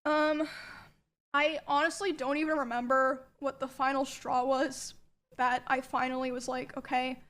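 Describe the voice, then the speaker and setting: A young woman streamer quietly recounting a personal story, hesitant with many pauses. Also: sits high, level tone. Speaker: streamer telling her story. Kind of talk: personal confessional narration.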